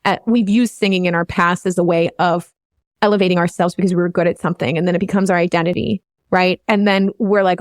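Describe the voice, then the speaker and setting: A woman's voice: lowish voice, fairly even intonation, fast, dry recording. Brief: woman vocal coach hosting, earnest and rambling, open about feelings, dry close sound. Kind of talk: candid podcast conversation.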